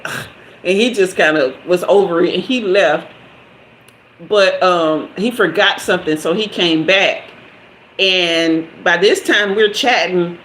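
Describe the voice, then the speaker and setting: A woman in her fifties telling a lively personal story to her live-stream viewers, laughing often and talking straight to them. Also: lowish voice. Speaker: host of a live tarot stream. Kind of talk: casual storytelling to a live chat. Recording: echoey room with faint background hiss.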